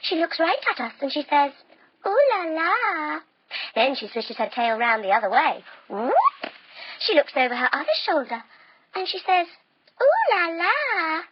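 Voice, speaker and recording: A woman leading a children's yoga lesson as a story, playful and animated, with silly sound effects. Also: sits high, moderate pace, muffled recording, a little hiss or hum. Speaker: kids yoga teacher.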